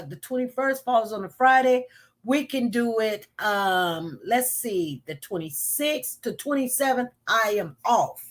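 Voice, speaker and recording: Chatty woman hosting a live stream. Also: high voice. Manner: chatty, emphatic storytelling with acted-out quotes. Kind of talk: casual live stream chat with viewers.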